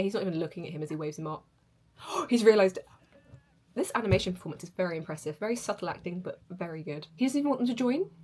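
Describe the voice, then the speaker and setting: A young woman reacting to a show on her channel, gasping and gushing excitedly. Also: fairly low pitch, breathy edge. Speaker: reaction video host. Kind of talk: casual reaction commentary.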